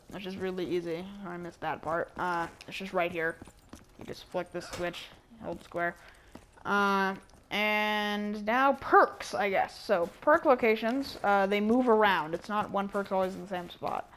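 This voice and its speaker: A woman giving a casual, rambling game walkthrough while she plays, even and unhurried, correcting herself with many fillers. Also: mid-range voice, a little hiss or hum. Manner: even and unhurried, near monotone. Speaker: gameplay guide narrator.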